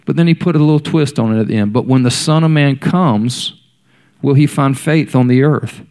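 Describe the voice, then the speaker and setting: A man's voice: medium pitch, normal speed, a little mellow. Man preaching a storytelling sermon. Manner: storytelling, voicing the characters in quotes; addresses the congregation directly.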